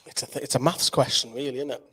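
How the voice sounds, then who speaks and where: A man's voice: medium pitch, fairly even intonation, fast, sharp tone, slightly rough. A man with a Geordie accent hosting a casual live quiz, chatty and explaining the rules at length. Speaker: quiz host.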